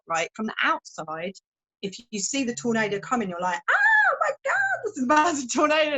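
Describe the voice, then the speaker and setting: A woman's voice: mid-range voice, fairly bright tone, low-quality recording. A woman guest on a podcast, talking frankly and chattily about meditation, with some swearing and playful images. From fishing village. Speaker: meditation teacher and wellbeing guest. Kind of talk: casual podcast chat.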